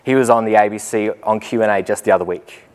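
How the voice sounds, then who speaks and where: A man giving a talk to an audience, telling a lively anecdote and acting out the voices of the people in it. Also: fairly low pitch, fast, smooth. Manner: animated storyteller, acts out voices. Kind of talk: storytelling conference talk.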